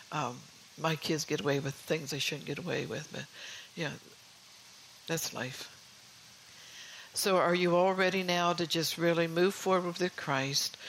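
A woman's voice: sits low, gravelly, fairly bright tone, slight background noise, rough recording. An older woman giving an informal sermon in a homey, confiding way, often saying "you know". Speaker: preacher.

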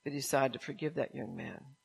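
A man's voice: mid-range voice, animated, brisk, creaky, breathy edge. A man preaching, reading a testimony aloud and then pressing listeners with rhetorical questions. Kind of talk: sermon with story reading.

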